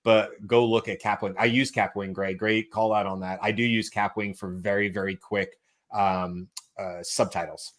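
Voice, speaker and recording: Chatty American host with a low voice. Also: male voice, fairly even intonation, moderate pace, a bit bright. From United States. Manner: loose and chatty, with many fillers and restarts. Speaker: podcast host. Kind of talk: casual panel chat.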